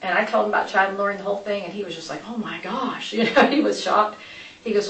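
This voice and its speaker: A woman's voice: medium pitch, fast, vocal fry, fairly bright tone. A woman giving a rambling account in a police interview, recorded from a distance in an echoey interview room. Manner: rambling, many restarts and asides. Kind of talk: recounting events in a police interview. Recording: echoey room, distant mic, background noise.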